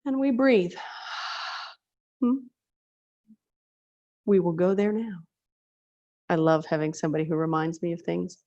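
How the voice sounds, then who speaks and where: A woman's voice: mid-range voice, warm tone, highs cut off. A woman teaching a chair yoga class over a video call, giving breathing and posture cues with chatty, joking asides. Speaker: yoga instructor.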